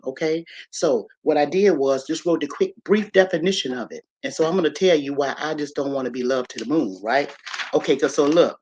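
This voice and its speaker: A livestream host talking casually to viewers, greeting them as they join, often tagging sentences with "okay?" and "right?", and slowly spelling out words letter by letter. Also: mid-range voice, a little mellow. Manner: checks in with frequent "okay?" and "right?" tags. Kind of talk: casual live-stream talk on a faith-tinged topic.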